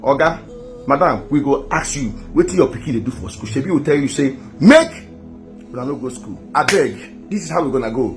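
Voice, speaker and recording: A man's voice: medium pitch, expressive, a little fast, over music. A Nigerian man making an impassioned online appeal to viewers, pleading and repeating himself with emphasis. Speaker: activist addressing viewers.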